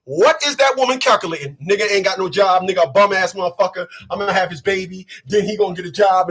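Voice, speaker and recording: A man hosting his channel in a profane, emphatic rant, often shouting. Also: sits high, fast, hardly any pauses, slightly rough. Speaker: channel host. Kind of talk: ranting commentary.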